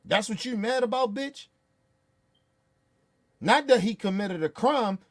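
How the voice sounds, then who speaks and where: A man's voice: sits high, unhurried. A man ranting in profane, heated commentary, blunt and repetitive. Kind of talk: profane political rant.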